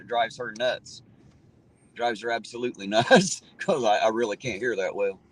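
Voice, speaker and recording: A man talks in a loose, folksy ramble, his voice sitting at an ordinary middle pitch. He is chatting on a livestream from inside a moving car and reading out viewer comments. Clear road and engine noise runs under everything he says. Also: poor audio. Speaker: livestream host reading chat. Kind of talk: casual chat. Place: inside a car while driving.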